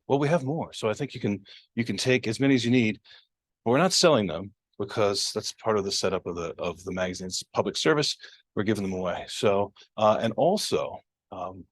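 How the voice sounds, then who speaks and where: A man's voice: lowish voice, no echo. A man hosting a literary magazine launch, making casual announcements with many fillers and playful coaxing. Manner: chatty, filler-heavy, coaxing. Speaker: event organizer and magazine editor. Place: university library gallery reception.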